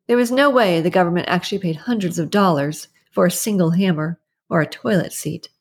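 Husky, low-voiced woman narrating a story. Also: fairly quick. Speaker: audiobook narrator. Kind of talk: scripted narration.

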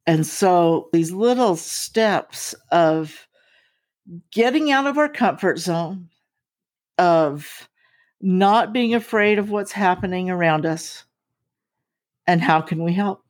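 A woman hosting a casual conversation, speaking in a slow, reflective, heartfelt way. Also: lowish voice, expressive.

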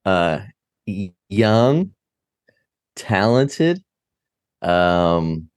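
A man with a low voice co-hosts a casual podcast. He speaks haltingly and searches for his words, pausing often. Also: sing-song, darkish tone, clear, resonant tone. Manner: hesitant, halting, many fillers. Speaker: podcast co-host. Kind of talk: casual chat.

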